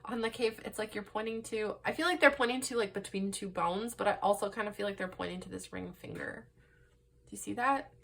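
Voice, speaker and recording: A young woman doing a casual pick-a-card tarot reading, rambling and excitable with many "like"s and "um"s. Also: mid-range voice, brisk, creaky. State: laugh-crying. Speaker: tarot reader.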